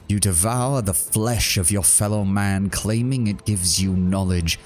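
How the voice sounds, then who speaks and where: A man's voice: on the low side, close to an everyday voice. A man voicing a zealous accuser who preaches about righteousness and sin in a tabletop role-playing game. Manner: preachy, measured.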